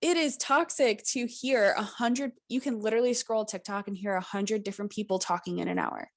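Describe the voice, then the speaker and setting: A woman's voice: mid-range voice, fairly quick. A woman hosting a podcast, talking things through in a thoughtful, casual way with frequent fillers. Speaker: podcast host.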